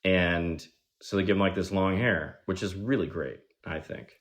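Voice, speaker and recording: Podcast guest, male, deep voice, chatty storyteller who says "like" a lot and mimics people he quotes. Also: moderate pace. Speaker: guest screenwriter.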